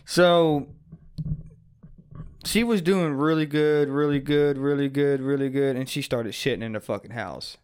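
A man telling a story on a podcast in casual, profane chat, animated and laughing as he goes. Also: medium pitch, a little slow, smooth. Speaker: podcast co-host.

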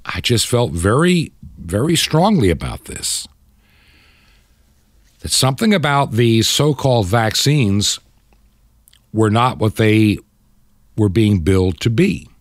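A man's voice: on the low side, animated, takes it slowly, long pauses, no room sound, clean studio sound. An older man from the United States hosting Christian talk radio, with impassioned, preachy commentary. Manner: impassioned, preachy, mocks opponents in quoted voices. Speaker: radio talk show host.

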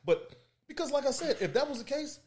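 A man chatting casually as a co-host, profane and quick to agree. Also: very high-pitched, lively intonation, darkish tone. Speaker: podcast co-host. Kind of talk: casual chat.

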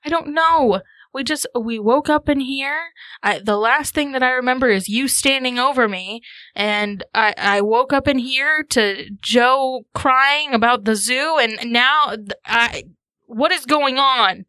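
A woman's voice: high voice, a little slow, pushed and bright, dry recording. A woman playing a tabletop role-playing game, speaking anxiously as her character. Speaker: player.

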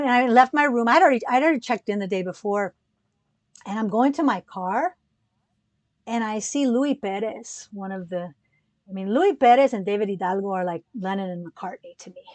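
A woman's voice: medium pitch, dry recording. A woman telling a personal story in a casual, rambling conversation on a podcast. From United States. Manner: animated, rambling with many restarts. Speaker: podcast co-host.

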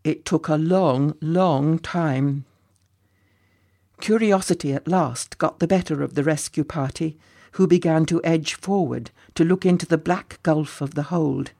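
Male narrator, storybook reading, slow, gravelly, measured. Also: a little high, dark tone.

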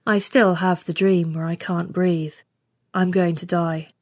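A woman's voice: lowish voice, level tone, unhurried, no echo. A woman reading a science fiction story aloud in the first person with a wry tone. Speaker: story reader. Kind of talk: scripted narration.

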